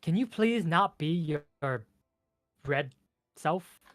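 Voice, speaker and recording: A man's voice: a little high, animated, slow, no echo, studio quality, soft background music, voice pushed up. A man voicing a bossy young female ice fairy who is pushy and fires off exasperated questions.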